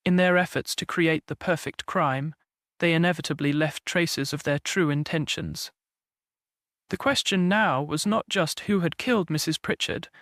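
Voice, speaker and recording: A man with a notably high voice narrates a classic detective audiobook. His storytelling is even and measured, paced for listeners. The studio sound is dry and close. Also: dry recording. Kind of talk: scripted mystery narration.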